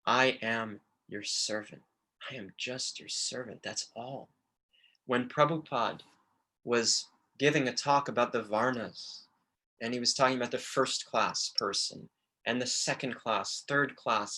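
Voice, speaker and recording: A man's voice: mid-range voice, bright, forceful tone. A man giving a morning scripture class at a temple, speaking earnestly and with feeling as he quotes his teachers. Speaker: temple lecturer. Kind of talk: devotional class lecture.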